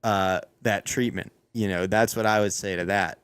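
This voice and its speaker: A man's voice: on the low side, fairly even intonation, normal speed, fairly bright tone, smooth, no room sound. Rambling, joking male podcast host. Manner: rambling, restarts sentences, joking. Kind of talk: casual chat.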